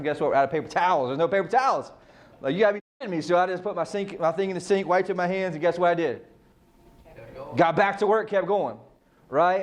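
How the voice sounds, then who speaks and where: A man coaching a real estate team in a casual motivational talk, firing off rhetorical questions and swearing freely. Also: high-pitched.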